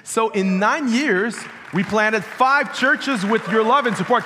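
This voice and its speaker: A man's voice: high voice, slow pace, hardly any pauses, a crowd in the background, background noise. A man with a Quebec French accent, a native French speaker, preaching as a guest pastor and playfully rallying the congregation. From Quebec, Canada. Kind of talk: sermon. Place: church sanctuary. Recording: long church hall reverb.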